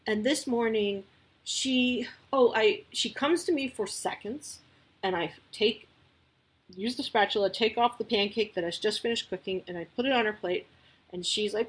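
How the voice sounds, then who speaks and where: A woman's voice: medium pitch, normal speed, slightly rough, rough recording. A woman talking casually as a parent sharing advice, candid and chatty with lots of asides.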